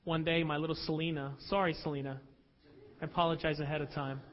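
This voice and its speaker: A man preaching a sermon, animated and dramatic as he tells stories to a church. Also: fairly high pitch, fast talker. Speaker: pastor. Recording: dull audio with long hall reverb.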